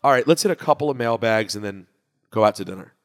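Guy on a podcast telling a story, lowish voice, doing little voices for his buddies, big echoey room. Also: fast talker. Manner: animated, acts out quoted friends. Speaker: podcast co-host. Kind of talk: casual chat and storytelling. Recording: echoey room with long reverb.

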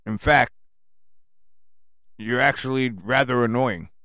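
A man hosting his own radio show, delivering an angry, sarcastic rant full of cursing, swinging between low muttering and loud outbursts. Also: takes it slowly, dry recording. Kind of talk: profane rant.

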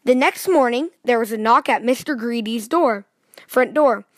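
A woman with a high, bright voice reads a children's storybook aloud at a moderate pace, telling it in a lively way and turning to her young listeners with questions. The recording is dry and close, with little sense of room.

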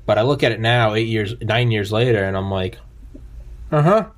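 A man's voice: on the low side, steady tone, a little fast, noisy background. A man hosting a podcast in casual chat, telling stories and acting out what other people said. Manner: storytelling, acting out quotes in shifting voices. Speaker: podcast host.

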